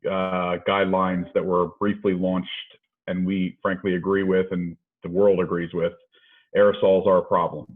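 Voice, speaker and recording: A man, a health officer, giving deliberate, explanatory answers at a press briefing. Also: deep voice. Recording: tinny phone-like call line.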